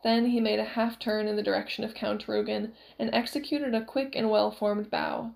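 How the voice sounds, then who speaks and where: Gravelly-voiced woman reading a novel. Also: medium pitch, little pitch movement, moderate pace, darkish tone. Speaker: audiobook narrator.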